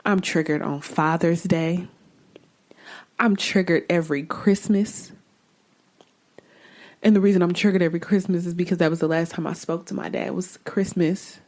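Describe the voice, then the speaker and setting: Woman podcast host, kinda low voice, blunt and fed up, swears a lot, casual talk. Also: a little mellow. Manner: blunt, exasperated, swears freely.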